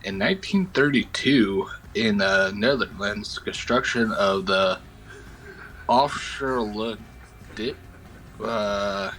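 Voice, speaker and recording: A man's voice: fairly low pitch, takes it slowly, fairly bright tone, a little hiss or hum, poor audio. A young man as guest in a casual chat, stumbling over hard words and swearing casually.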